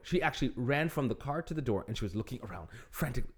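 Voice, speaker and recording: A man's voice: medium pitch, lively intonation, rapid-fire, husky. A man co-hosting a podcast, chatting casually and retelling a story enthusiastically, with repeats for emphasis. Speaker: podcast co-host. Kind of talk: casual chat.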